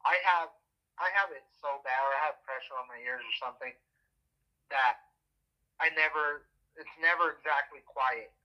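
A man's voice: a little high, moderate pace, long pauses, lo-fi sound. A man in casual chat, telling stories in a rambling way, swearing freely and laughing often.

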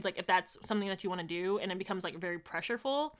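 A young adult woman co-hosting a casual chat, animated and slangy, acting out her own reactions. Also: medium pitch, racing, hardly any pauses.

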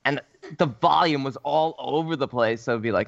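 A man's voice: medium pitch, moderate pace, gravelly. Self-mocking man, dull-sounding audio. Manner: self-mocking humor, earnest. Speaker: podcast co-host. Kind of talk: casual chat.

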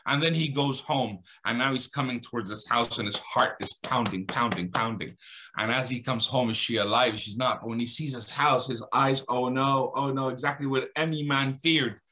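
A man tells a religious story to a listener. His tone is bright and forceful, and he swings his pitch when he acts out the characters' lines. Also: normal speed. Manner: dramatic, acts out dialogue with shifting pitch.

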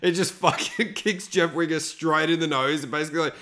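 A man hosting a podcast on his own, chatting loosely, swearing a lot and slipping into quick impressions as he retells scenes. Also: fairly high pitch, fairly even intonation, bright, forceful tone. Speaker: podcast host. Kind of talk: casual solo podcast chat.

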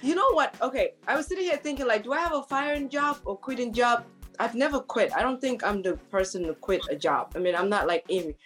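Chatty woman host, slightly high voice. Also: fast talker, a bit bright, faint music behind. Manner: chatty storytelling, laughs often. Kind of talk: casual chat.

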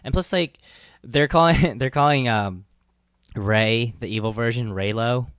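A man in his regular voice, neither high nor low, talking over a movie podcast in loose, excitable banter, cursing freely. The sound is dry and close with no room echo. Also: measured pace, clear, resonant tone. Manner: animated fan banter, swears freely, laughs often. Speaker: podcast co-host. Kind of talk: casual chat.

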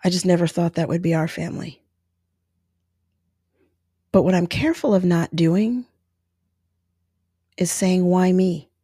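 A woman's voice: fairly low pitch, a little slow, long pauses, mellow, breathy edge, no room sound, studio quality. A woman in her forties hosting a podcast, speaking candidly and emotionally in a personal monologue. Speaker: podcast host.

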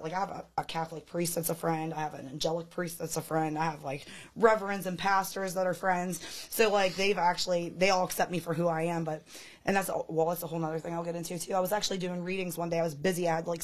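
A woman guest on a podcast, telling animated stories in casual chat, full of fillers and laughter. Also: fairly low pitch, fast. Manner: animated storyteller, laughs often, many fillers. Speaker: podcast guest, spiritual healer.

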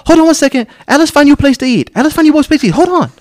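A man's voice: very high voice, lively intonation, racing, voice pushed up. A man voicing a bubbly, sweet woman innkeeper who speaks broken English and talks about herself by name. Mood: chirpy.

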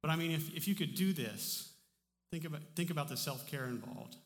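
A man preaching a sermon as pastor, in a relaxed, conversational way with frequent restarts, in a church sanctuary. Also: fairly high pitch, fairly quick. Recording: long hall reverb.

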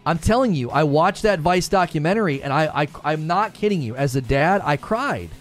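A fairly high-voiced man giving a heated, impassioned commentary, circling back to repeat and restart his points. Faint music runs quietly behind him. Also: animated, moderate pace. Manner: grows more heated and rises in pitch as he argues.

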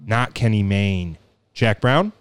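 A man's voice: fairly low pitch, takes it slowly, clear, resonant tone, dry recording. A man hosting a casual podcast quiz about sportscaster catchphrases, swearing and laughing as he talks. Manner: swearing, laughing, playful, lively, does sportscaster impressions. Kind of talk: casual chat.

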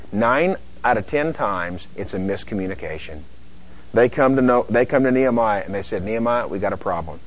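A middle-aged male pastor preaching a sermon in an animated way, acting out both sides of everyday arguments. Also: mid-range voice. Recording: dull lo-fi sermon recording.

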